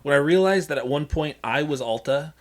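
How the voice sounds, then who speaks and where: A podcast co-host chatting casually, with a mid-range voice. They laugh easily and read passages aloud in a relaxed, reactive way. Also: mid-range voice, fairly quick. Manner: laughs often, reads aloud from a review. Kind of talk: casual chat.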